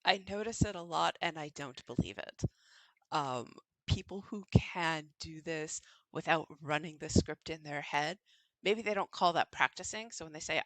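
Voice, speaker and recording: Measured, articulate woman professor. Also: sits low, a bit bright, no echo, rough recording. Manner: measured, articulate, matter-of-fact. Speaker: literature professor, podcast co-host. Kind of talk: conversational podcast chat.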